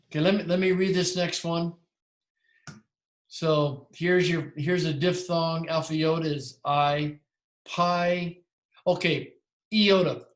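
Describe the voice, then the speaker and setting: Man teaching in an echoey room. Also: on the high side. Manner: rambling, self-correcting explanations. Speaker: Greek teacher. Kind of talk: lecturing in a class.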